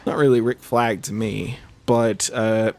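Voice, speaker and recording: A man's voice: lowish voice, flat delivery, a little slow, darkish tone, dry recording. A young man chatting casually over a game he is playing, rambling with many fillers and restarts. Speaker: gaming channel host. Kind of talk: casual let's-play commentary.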